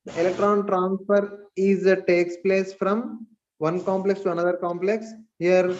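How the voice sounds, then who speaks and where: Man, Indian English accent, chemistry lecturer, fairly high voice, repeats himself, dull lo-fi stream. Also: little pitch movement, unhurried, darkish tone. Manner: repeats key phrases, asks and answers own questions. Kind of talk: live online lecture.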